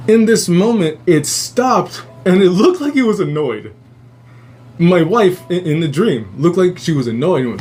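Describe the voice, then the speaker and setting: A man hosting a podcast, telling his own strange dream stories in a casual, profane, animated way and jumping into high voices when he quotes people. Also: unhurried, slight background noise. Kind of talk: casual storytelling.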